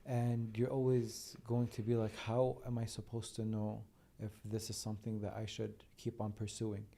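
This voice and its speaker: A man's voice: fairly low pitch, completely flat delivery, moderate pace, creaky, mellow. A man hosting a podcast, talking in a reflective, encouraging way. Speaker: podcast host. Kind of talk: conversational podcast interview.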